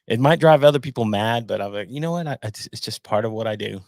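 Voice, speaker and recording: A man's voice: on the low side, quick pace, gravelly, darkish tone, no echo. A man as a guest on a live-stream podcast, chatting casually and rambling with frequent restarts. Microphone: home webcam setup.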